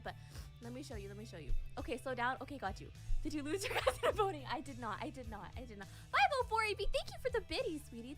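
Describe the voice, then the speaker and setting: A woman live-streaming, greeting chat viewers by name and ranting with swearing and exaggerated anger. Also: sits high.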